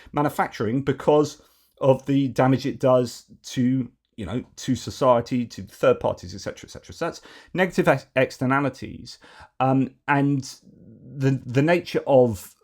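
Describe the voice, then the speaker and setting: Man, news commentary host, opinionated monologue, digressive, lots of restarts and fillers, mid-pitched voice. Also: darkish tone.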